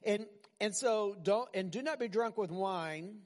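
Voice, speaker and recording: Male pastor, conversational and animated sermon delivery, higher-pitched voice, long hall reverb. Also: a little slow. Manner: animated, conversational preaching with rhetorical questions.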